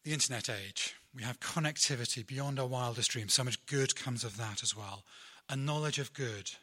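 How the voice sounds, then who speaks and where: A man's voice: medium pitch, a little fast, bright, forceful tone, slightly rough. A middle-aged man preaching a sermon in a conversational, self-deprecating way, with asides to his congregation.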